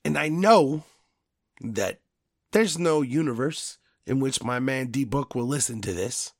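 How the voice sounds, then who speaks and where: A man hosting a podcast, delivering a loud, profane, angry sports rant. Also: medium pitch, expressive, slow pace, no room sound, clean studio sound. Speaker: podcast host.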